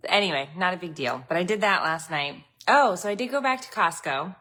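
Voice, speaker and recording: A woman's voice: fairly low pitch, expressive, a little fast, sharp tone. A woman host telling a story in a casual, chatty way, laughing often.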